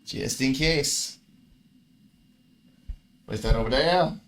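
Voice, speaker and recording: A man's voice: mid-range voice, slow. A man casually commentating his own card game match, grumbling and swearing at his bad luck.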